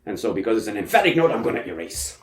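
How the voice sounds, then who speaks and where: A man's voice: on the low side, sing-song, racing, slight background noise. A man giving a university lecture in a conversational way, often saying "okay" and "you know", and stressing points with emphasis. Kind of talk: classroom lecture. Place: lecture room. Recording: echoey lecture hall.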